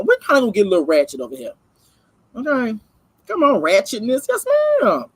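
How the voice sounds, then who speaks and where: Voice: mid-range voice, no echo, low-quality recording. Dry-sounding casual commentary host. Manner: conversational, emphatic, with slang and asides.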